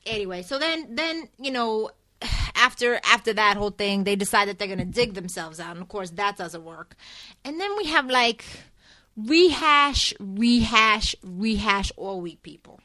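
A woman hosting a casual talk show, recapping soap opera episodes in an animated, chatty way full of fillers and laughs. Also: mid-range voice, moderate pace, no echo. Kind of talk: casual chat.

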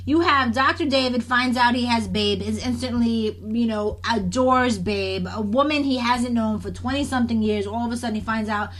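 A woman chats casually with a somewhat high voice, blunt and offhand. She often drops to a quiet tone as she throws in her opinions. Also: moderate pace, hardly any pauses. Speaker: co-host. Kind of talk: casual chat.

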